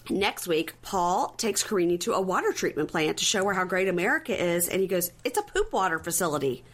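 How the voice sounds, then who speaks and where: Animated woman recapping gossip. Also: brisk. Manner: animated storyteller who acts out quotes with big pitch jumps; profane, gossipy. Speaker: podcast co-host recapping a reality show. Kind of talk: casual chat.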